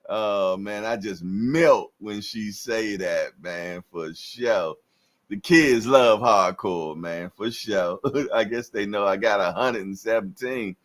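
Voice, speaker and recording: A man's voice: fairly low pitch, slow. A man in his fifties hosting a live stream, chatting casually with viewers in laid-back slang and laughing often. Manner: laughs often between lines.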